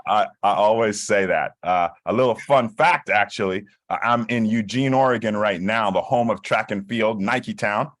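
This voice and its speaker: A man's voice: lowish voice, normal speed, few pauses, no room sound, clean studio sound. A man in his forties from Saint Kitts, a guest chatting casually over a video call from a hotel room, with lots of fillers. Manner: relaxed, chatty storyteller with many fillers.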